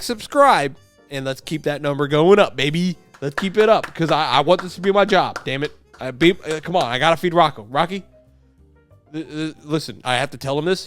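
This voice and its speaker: A man's voice: on the high side, clear, resonant tone. A young man hosting a video, reading a script aloud and breaking off for sarcastic jokes and chats with his dog. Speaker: YouTube host. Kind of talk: reading a script with joking asides.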